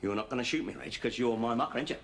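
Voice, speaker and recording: An actor playing a wry, streetwise convict, chatty and coaxing in a television sitcom. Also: male voice, medium pitch, racing, vocal fry, a bit bright, slight background noise. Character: wry cocky middle-aged London convict. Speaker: prisoner. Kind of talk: 1970s TV sitcom acting.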